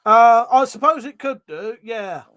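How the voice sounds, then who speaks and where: A man's voice: extremely high pitch, lively intonation, measured pace, bright, forceful tone, no echo. A man with a Home Counties English accent hosting a casual livestream, rambling through viewer comments, chuckling often and swearing now and then. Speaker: livestream host.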